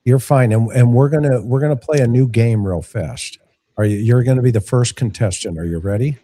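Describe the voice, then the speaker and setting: A man's voice: mid-range voice, a little fast, warm tone. A man hosting a live call-in show, talking with callers in an easygoing, playful and direct way. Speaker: host taking live callers.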